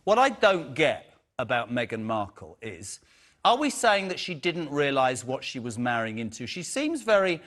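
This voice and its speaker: A man's voice: mid-range voice, sing-song, moderate pace, a bit bright. A man hosting a TV panel debate, asking combative, incredulous questions. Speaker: TV host.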